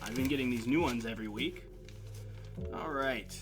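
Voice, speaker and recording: A man's voice: mid-range voice, moderate pace, long pauses, faint music behind. A man in his thirties hosting a casual internet radio show, rambling and joking on his own. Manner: rambling, jokey, reads sponsor ads in a hyped voice. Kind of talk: casual solo talk show.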